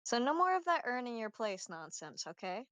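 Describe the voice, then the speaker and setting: A woman voicing a kind, motherly woman who reassures gently. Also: a little high, very animated, normal speed, dry recording. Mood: tender. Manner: warm comforting coaxing.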